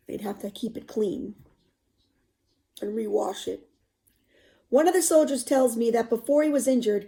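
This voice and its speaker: A woman reading a novel aloud, pausing to explain passages in softer asides. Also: a little high, vocal fry, low-quality recording.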